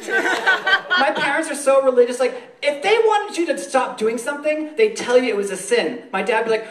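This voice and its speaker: A man in his forties from the Boston area doing a stand-up set, campy and animated, laughing at his own jokes. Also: very high voice, normal speed, a little hiss or hum. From Boston area, USA. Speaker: stand-up comedian. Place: comedy club stage. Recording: echoey club room, distant.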